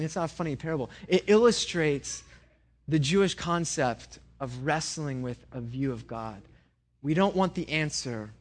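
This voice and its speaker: A man preaching a sermon in a conversational way, often stumbling and repeating words as he restarts. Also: on the high side. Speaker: pastor.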